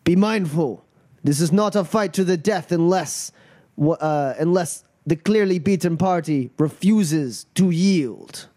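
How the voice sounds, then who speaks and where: A man doing a booming satyr chieftain. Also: unhurried, dark tone, close to an everyday voice. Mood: commanding. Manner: booming ceremonial proclamations. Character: commanding male satyr chieftain with horns.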